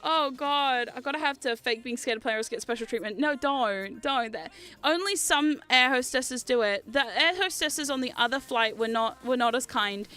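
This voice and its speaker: Bright, animated New Zealand woman. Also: high-pitched, moderate pace, clean tone. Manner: animated, swears freely, laughs often. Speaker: streamer. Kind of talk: casual livestream chat.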